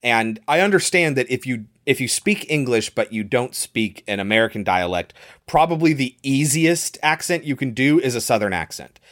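A man co-hosts a relaxed movie chat, explaining the plot in long, rambling stretches full of fillers. His voice sits at a middle pitch. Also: normal speed. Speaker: podcast co-host. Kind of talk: casual movie-recap chat.

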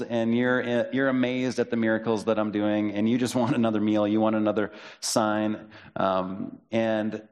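A man preaching a sermon as pastor, in a conversational way, reading and paraphrasing scripture with lively quoted voices. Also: fairly low pitch, normal speed, few pauses.

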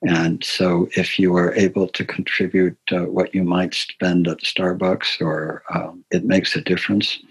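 An older man hosting a community talk series, giving soft-spoken announcements with many fillers. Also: low-pitched, level tone, unhurried, few pauses, breathy edge, rough recording. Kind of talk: gentle announcements.

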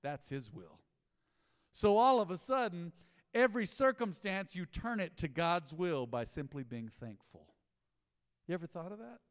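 A man preaches in a church sanctuary, his fairly high voice carrying a long hall reverb. He tells a story with animated swings, from loud exclaims down to hushed asides. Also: normal speed, clean tone. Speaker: pastor. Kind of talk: sermon.

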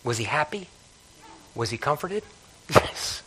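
A man preaching a sermon, swinging between loud urgent bursts and quiet reflective passages, often restarting phrases and calling out hallelujah. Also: medium pitch, moderate pace, rough recording. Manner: repeats and restarts phrases, calls out hallelujah and amen. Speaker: pastor.

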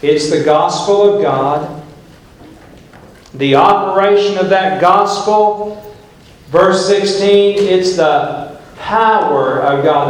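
A male pastor preaching a sermon, emphatic, and painting scenes as he tells the story. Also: high-pitched. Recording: very echoey church room.

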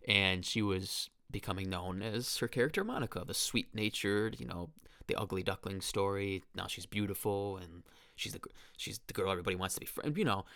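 Deep, gravelly, and pushed with a bright edge, this man's voice stays steady in tone and moves fairly quickly. He's in his twenties, hosting a podcast about a horror film, rambling enthusiastically with restarts and quoted lines. The studio-quality recording has no echo.

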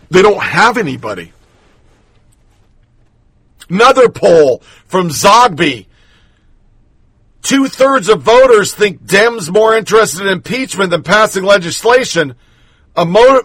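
A man hosts a political commentary segment, his voice sitting high and bright. The sound is very dry with no room at all. His delivery is punchy and sarcastic, with each line dropped like a verdict. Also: slightly rough, no echo. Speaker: host. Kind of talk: opinion commentary reading headlines.

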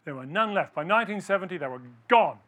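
A man with a high, bright voice gives a live storytelling talk. He questions the audience directly and animates the story as he goes. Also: animated, fast talker.

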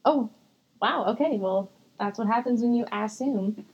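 A woman's voice: fairly high pitch, unhurried, muffled recording, crowd noise. A young woman co-hosting a podcast in casual chat, rambling and giggling often, swearing casually. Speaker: podcast co-host.

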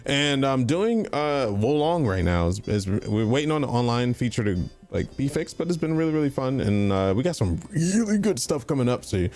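Rambling laid-back man, lively pitch. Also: moderate pace, few pauses, faint music behind. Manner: rambling, laughing, filler-heavy. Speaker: tabletop game player. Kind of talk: casual farewell chat.

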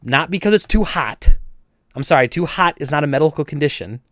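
A man who owns a video game store, telling a story in casual chat, animated and indignant, with many restarts and voices for each side. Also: on the high side, a little fast, no room sound, studio quality. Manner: animated retelling, acts out both sides with frequent restarts.

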